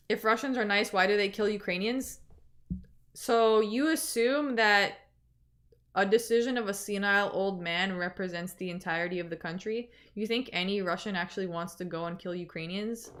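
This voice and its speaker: A woman's voice: medium pitch, fairly bright tone. Chatty Canadian woman streamer. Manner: chatty, reads viewer comments aloud. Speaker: livestream host. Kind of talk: casual livestream chat.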